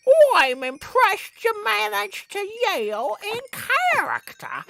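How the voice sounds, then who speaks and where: Shrill squeaky viewer voice. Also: male voice, huge pitch swings, slow pace, creaky, bright, forceful tone, no room sound, faint music behind, heavily acted. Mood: mock-impressed. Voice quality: high falsetto.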